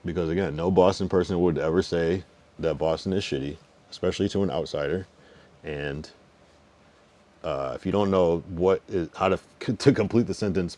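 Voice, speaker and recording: Low-voiced young man bantering on stream. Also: steady tone, darkish tone. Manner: teasing, trash-talking banter with swearing and slang; loose, rambling delivery with restarts and drawn-out counting. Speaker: livestreamer. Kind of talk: casual livestream chat, reading and answering chat.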